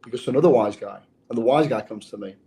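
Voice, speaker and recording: A man's voice: medium pitch, rapid-fire, dark tone, a little hiss or hum. A man who was once an undercover officer, telling his story in an interview in a blunt, profane way and often repeating his words. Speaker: former undercover officer, guest.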